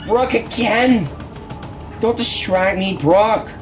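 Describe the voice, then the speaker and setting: This woman hosts a gaming channel and gives horror game commentary, sounding exasperated and letting out frequent groans and "bruh"s. Her pitch is lively and her pace slow, with game music and barking dogs in the background.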